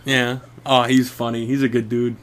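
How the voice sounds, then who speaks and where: A young man co-hosting a loose, casual podcast. He rambles through stories, swears freely and laughs often, with a voice of ordinary pitch. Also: flat delivery, moderate pace, a bit bright. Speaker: podcast co-host.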